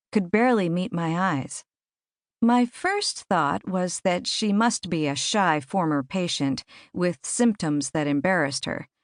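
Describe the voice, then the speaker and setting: A woman reading a thriller audiobook in measured, clear first-person narration. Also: lowish voice, no room sound, studio quality.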